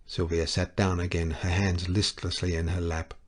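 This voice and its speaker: A man narrating a novel as an audiobook, reading in a steady, measured way. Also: low voice, breathy edge. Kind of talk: scripted narration.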